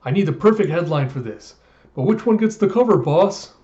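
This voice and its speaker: A man voicing a hurried young male reporter who chatters in a rushed, fretful way, on a dull lo-fi recording. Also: fairly high pitch, animated, dark tone, voice pushed up, lightly acted.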